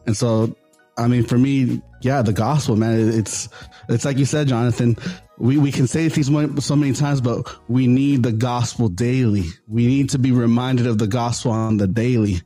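A man's voice: medium pitch, fairly even intonation, moderate pace, warm tone, dry recording, soft background music. A man co-hosting a podcast, talking earnestly about faith in casual chat, often repeating and restarting his words.

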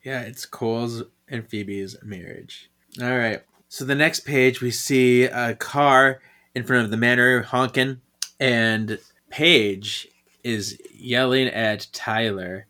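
A man's voice: mid-range voice, steady tone, slow pace, bright, forceful tone. A man co-hosting a podcast, chatting casually about a comic, musing and laughing often. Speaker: podcast co-host. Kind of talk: casual comic read-along recap.

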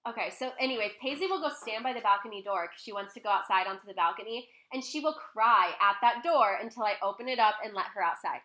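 Chatty young woman with a bright voice. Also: medium pitch, fast talker, hardly any pauses, reverberant. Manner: chatty, lots of fillers, animated quoting. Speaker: vlogger. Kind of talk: casual storytelling. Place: home. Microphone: laptop mic, close.

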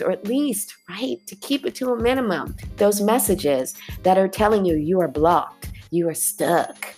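A woman's voice: lowish voice, darkish tone. A woman giving a sassy, emphatic motivational talk, often repeating her phrases.

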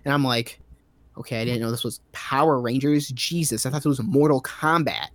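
A man's voice: medium pitch, fairly quick, a bit bright, no echo. A man giving a rambling, sarcastic recap of a movie's plot in a casual comedic style, full of fillers.

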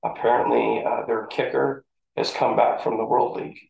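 A middle-aged man, a former football player telling animated stories from his playing days in a casual interview. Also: medium pitch, moderate pace, gravelly, muffled recording. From St. Catharines, Ontario, Canada. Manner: animated storyteller who acts out the voices in his story. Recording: echoey room.

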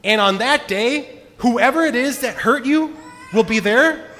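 A man preaching a sermon as pastor, earnest, moving between hushed and emphatic delivery. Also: very high-pitched, unhurried. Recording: long reverb of a large hall.

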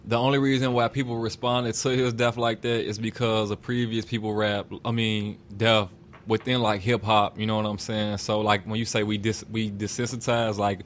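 A man with a somewhat low voice co-hosts a casual talk show. He speaks in a laid-back, slangy way and keeps checking in with "you feel me" as he makes his point. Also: flat delivery, normal speed, a little hiss or hum. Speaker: co-host.

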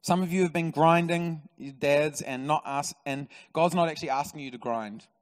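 A man with a New Zealand accent preaching a sermon in a church, an animated storyteller who swings from loud excitement to quiet, intimate moments. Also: on the high side, normal speed. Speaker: pastor. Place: large church hall. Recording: reverberant church hall.

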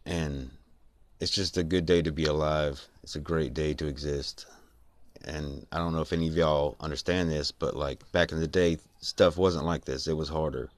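Male podcaster, sick and congested, rumbling low voice, dry close mic, rambling musings. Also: steady tone, normal speed, dry recording. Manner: rambling, reflective, many fillers. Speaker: podcast host. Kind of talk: late-night solo monologue.

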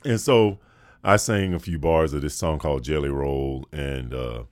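A man from with a bass voice, telling a funny story in an animated way. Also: a little slow. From North Carolina, USA. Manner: lively, acts out the other people in his story. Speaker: guest.

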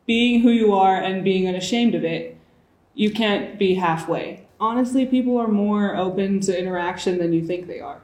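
A woman's voice: mid-range voice, moderate pace, darkish tone, roomy sound. A woman in her early twenties, a guest in a casual chat, talking freely and acting out the voices she quotes. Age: 20s. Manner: chatty, acts out quoted voices.

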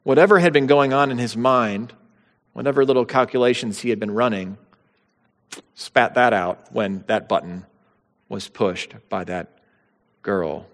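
Male pastor, mid-pitched, conversational sermon delivery with dramatic quotes, long hall reverb. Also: a little slow, pauses often, a bit bright. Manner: conversational teaching with bursts of dramatic quotation.

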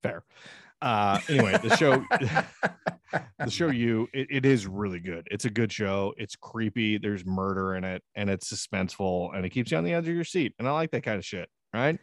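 A man's voice: on the low side, normal speed, fairly bright tone, dry recording, studio quality. A man co-hosting a podcast, telling stories in a casual, profane, laughing way. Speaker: podcast co-host. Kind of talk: casual banter.

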